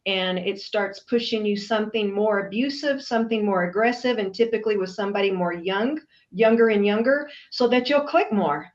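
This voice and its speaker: A middle-aged woman from Texas, appearing as an interview guest and anti-trafficking advocate, speaks earnestly and with emphasis. Her voice is on the high side, and the sound is lo-fi.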